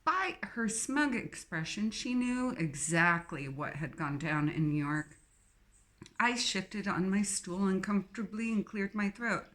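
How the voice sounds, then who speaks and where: A woman reading a novel aloud in first person, expressive and lightly wry. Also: mid-range voice, measured pace. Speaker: audiobook narrator. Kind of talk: scripted first-person narration.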